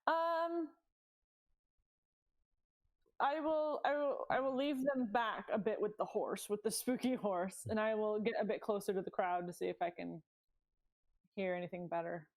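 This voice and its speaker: A woman's voice: medium pitch, steady tone, normal speed. A woman playing a tabletop game, thinking aloud tentatively about her moves. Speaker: player. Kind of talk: casual tabletop play.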